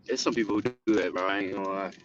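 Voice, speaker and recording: A man's voice: low-pitched, steady tone, very fast. A man chatting as a guest on a live stream, laid-back and swearing casually. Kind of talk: casual chat. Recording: dull audio with faint noise.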